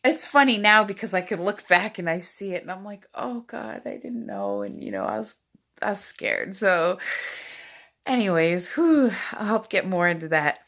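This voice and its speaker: A woman in her forties talking to her phone camera in a rambling, excitable way, swinging from loud outbursts to hushed asides. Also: medium pitch, moderate pace. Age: 40s. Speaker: vlogger. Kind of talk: casual talking-head monologue.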